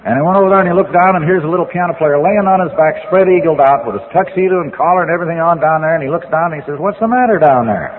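A man's voice: a little high, fairly even intonation, very fast, hardly any pauses. A folksy man rambles through jokes and stories about his drinking days, chuckling at his own punchlines. His voice comes through a tinny, phone-like old recording, with a long echo from a big hall. Faint hiss sits underneath. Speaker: speaker telling his drinking story. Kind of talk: storytelling talk with jokes.

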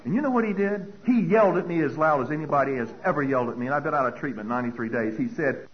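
A man sharing his recovery story from a podium as a personal testimony, telling it in an animated way and acting out other people's voices. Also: on the high side, very fast. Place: speaking at a podium. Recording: dull lo-fi recording with faint hiss.

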